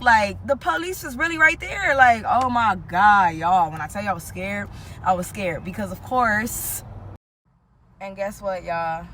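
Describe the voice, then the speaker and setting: A woman telling a story casually to her viewers, animated and full of profanity, often calling out to them as "y'all". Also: medium pitch, measured pace, a little hiss or hum.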